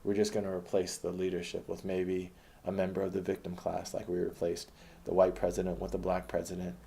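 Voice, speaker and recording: A man's voice: low voice, monotone, fairly quick, creaky, warm tone, slight background noise. A man delivering an impassioned political monologue, ranting with frequent restarts and hesitations. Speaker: political commentator.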